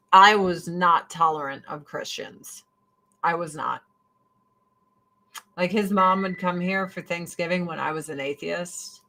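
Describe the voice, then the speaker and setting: A woman's voice: medium pitch, sharp tone. A woman from the United States ranting casually to her livestream viewers in a blunt, profane way, jumping from one topic to the next. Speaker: livestream host.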